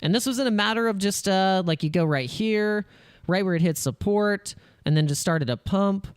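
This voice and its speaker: A man hosting a crypto channel, talking over charts in casual, excitable commentary and acting out panicky investor voices. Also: high-pitched, normal speed, smooth, no room sound, studio quality.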